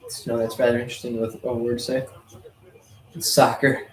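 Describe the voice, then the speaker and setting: A man's voice: mid-range voice, moderate pace. A young man co-hosting a podcast, chatting casually about the game and grumbling at the refs. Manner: relaxed, says "dude" and "bro" a lot, grumbles at refs. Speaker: podcast co-host. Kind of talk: casual chat while watching a game. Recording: roomy echo, faint background noise.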